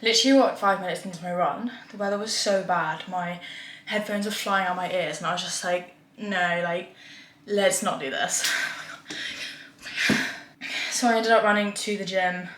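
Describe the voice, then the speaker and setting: A woman's voice: on the low side, fairly even intonation, normal speed, a bit bright. A young woman, talking casually and frankly to camera in a rambling vlog. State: out of breath. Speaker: vlogger. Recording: echoey room.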